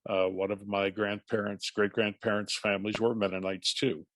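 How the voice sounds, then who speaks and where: A man from North Dakota with a lowish voice moderates the session. He breaks in politely and hesitantly, and the sound is dry and close, with no room echo. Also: flat delivery, moderate pace, a bit bright. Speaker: host, moderator.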